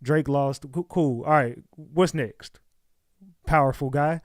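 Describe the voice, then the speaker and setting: A man's voice: on the high side, takes it slowly, no echo, clean studio sound. A man commenting in a casual vlog, sarcastic and slangy.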